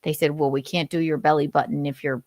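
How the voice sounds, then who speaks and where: A woman's voice: sits low, little pitch movement, fast, darkish tone, dry recording, clean studio sound. A young adult woman hosting a casual live stream, reading news aloud with frequent laughs and some swearing. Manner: giggly, profane, chatty. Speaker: host.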